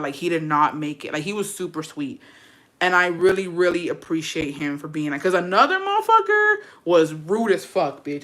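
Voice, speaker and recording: A young woman spills a personal story to her viewers in a bright, clear-toned voice. She is profane and chatty, with dramatic asides as she goes. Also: lowish voice, sing-song, fairly quick. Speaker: vlogger telling a personal story. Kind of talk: casual storytelling.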